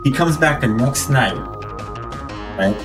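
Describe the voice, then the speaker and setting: A man's voice: mid-range voice, lively intonation, slow pace, recorded from a distance, over music. A man streaming a game and rambling through casual anecdotes full of fillers and restarts. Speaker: gaming streamer. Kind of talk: casual storytelling while playing.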